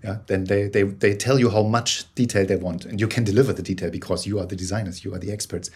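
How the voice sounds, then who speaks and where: A man, a guest on an interview podcast, explaining ideas in a lively, conversational way over a call, with many restarts. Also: lowish voice, quick pace, slightly rough. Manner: many restarts, animated bursts, laughs. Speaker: guest, corporate storyteller.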